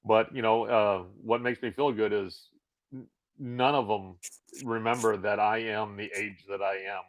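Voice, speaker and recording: A middle-aged man co-hosting a podcast in casual chat, with wry, crude deadpan humor. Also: lowish voice, unhurried, dry recording, rough recording. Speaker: podcast co-host.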